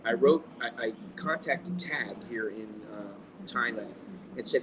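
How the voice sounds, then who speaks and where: American guy ranting at a cafe, swears a lot, keeps restarting, mid pitch, bit of cafe noise behind. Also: unhurried, far from the mic. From United States. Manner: rambling, profane, restarts often. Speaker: vlogger. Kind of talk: casual chat.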